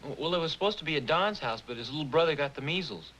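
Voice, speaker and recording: An actor playing an earnest, polite young college son in a 1950s sitcom, a little flustered. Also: male voice, on the high side, expressive, quick pace, very noisy, natural voice. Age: young adult.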